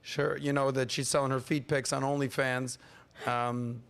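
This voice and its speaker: A man hosting a podcast, energetic and playful, hyping up the audience and teasing his co-host. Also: mid-range voice, normal speed, vocal fry, clean tone. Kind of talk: hyped-up casual podcast hosting.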